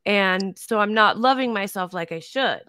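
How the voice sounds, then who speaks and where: A woman's voice: mid-range voice, normal speed, sharp tone, smooth, dry recording. A woman speaking candidly and openly in a casual heart-to-heart chat, laughing easily. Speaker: show host.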